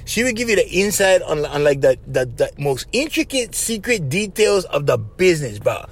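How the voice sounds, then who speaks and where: A man with a Hawaiian Pidgin English accent, hosting a podcast and telling stories in a loose, animated way that is full of laughs. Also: on the high side, normal speed, breathy edge. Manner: animated, laughing often, acts out voices, says "right?" after phrases. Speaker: podcast host. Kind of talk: casual storytelling monologue.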